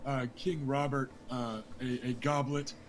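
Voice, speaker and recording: A man narrating as game master, unhurried, with many fillers and hedges. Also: medium pitch, level tone, a little hiss or hum.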